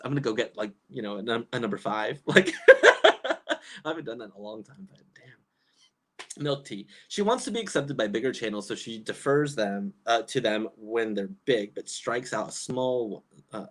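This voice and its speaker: Chatty animated young man livestreaming. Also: a little high. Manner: chatty, animated, lots of fillers and restarts. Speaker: YouTube commentary host. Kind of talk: casual livestream commentary, reading chat.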